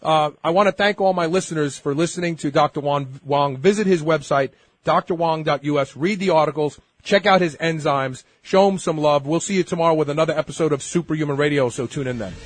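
Brisk male radio host, raised pitch. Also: dry recording. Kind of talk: interview questions and show sign-off.

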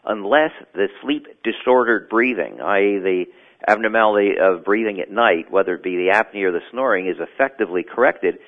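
Deep-voiced doctor on a phone line. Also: male voice. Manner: measured, clinical, explanatory. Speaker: sleep medicine doctor guest. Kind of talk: expert explanation in an interview.

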